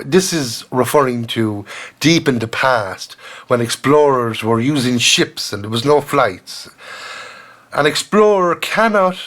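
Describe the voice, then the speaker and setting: An Irish man hosting a solo podcast, talking earnestly in a rambling way, his pitch often rising. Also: fairly bright tone. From Ireland. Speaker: podcast host.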